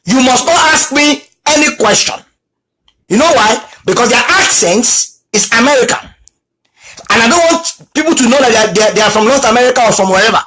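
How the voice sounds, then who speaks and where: A man's voice: extremely high pitch, quick pace, pushed and bright, rough recording. A middle-aged man preaching a sermon, telling stories and repeating key phrases for emphasis. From Nigeria. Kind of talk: sermon with storytelling.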